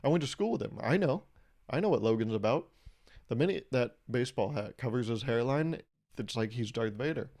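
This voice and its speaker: Animated young man telling stories. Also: medium pitch, brisk. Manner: animated, acts out quotes in raised voices. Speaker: podcast host. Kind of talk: casual comedic storytelling.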